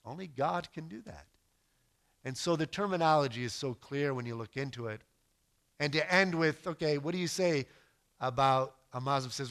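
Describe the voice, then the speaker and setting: Bright, emphatic male preacher. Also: a little high, moderate pace, vocal fry. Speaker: missionary preacher. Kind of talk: teaching sermon. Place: lives in West Africa.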